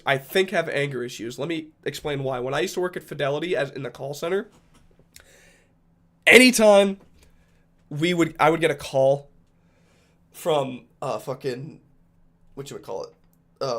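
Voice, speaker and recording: A man from Rhode Island chatting casually with viewers on a livestream, rambling and joking with a fair amount of profanity. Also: a little high. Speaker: streamer.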